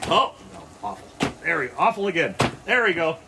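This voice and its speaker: Brisk and very animated, a man with a slightly high voice and some vocal fry hosts a casual backyard cooking livestream at his outdoor grill. He keeps things upbeat and jokey, chatting with viewers as he cooks over heavy background noise.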